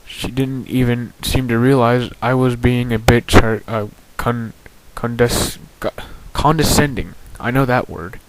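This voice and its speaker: A man's voice: mid-range voice, fairly even intonation, a little slow, hardly any pauses, poor audio. A man reading a fan story aloud, stumbling and restarting over harder words. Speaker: fanfic reader. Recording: hissy cheap microphone.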